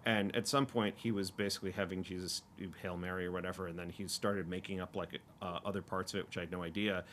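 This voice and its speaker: A man's voice: deep voice, fairly even intonation, quick pace, a bit bright, a little hiss or hum. A man in his fifties chatting casually, telling long rambling stories full of fillers and restarts. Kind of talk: casual chat.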